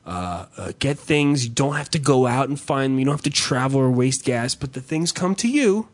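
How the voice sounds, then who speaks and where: Here a man's mid-range voice moves at a moderate pace as he gripes, for laughs, about everyday annoyances in laid-back conversation. It's a profane, over-the-top rant full of energy and quotes he pretends to yell.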